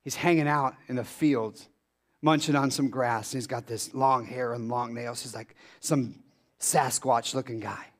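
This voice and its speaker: A male pastor preaching a sermon in an animated way, with rhetorical questions and sudden drops into low, quiet emphasis. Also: a little slow.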